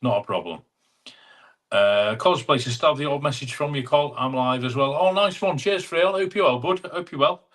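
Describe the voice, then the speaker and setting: A man's voice: medium pitch, a bit bright. A man hosting a casual live chat, reading out viewer comments and calling people mate. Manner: chatty, calls viewers mate, quick asides. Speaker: livestream host. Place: home room. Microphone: wireless clip-on mic.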